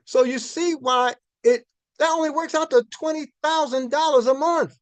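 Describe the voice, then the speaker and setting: A man in his sixties with a fairly high voice, talking to an audience in a loose, folksy storytelling way. He repeats and restarts words as he thinks aloud. The sound is close and dry. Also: steady tone, normal speed, dry recording. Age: 60s. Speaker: minister giving a finance talk.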